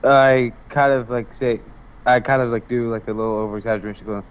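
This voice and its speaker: A man's voice: medium pitch, fairly even intonation, clean tone, lo-fi sound. A man playing in a tabletop game, talking casually and hesitantly. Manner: hesitant, halting. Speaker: player.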